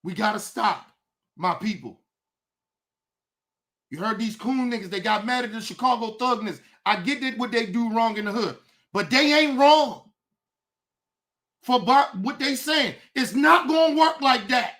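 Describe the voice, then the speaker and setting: Loud, angry, high-voiced woman. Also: animated, a little slow, long pauses. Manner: angry, profane, often shouting. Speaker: streamer, show host. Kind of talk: livestream rant.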